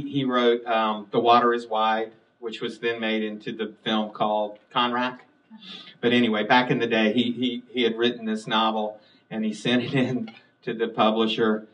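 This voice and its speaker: A middle-aged man from the US South and Midwest tells anecdotes in a chatty, easy way, often breaking into laughter. His voice sits at an ordinary pitch. It is picked up by a distant mic at a live library talk. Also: fairly bright tone, dull audio. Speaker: author on a panel. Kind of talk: storytelling conversation. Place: public library event room.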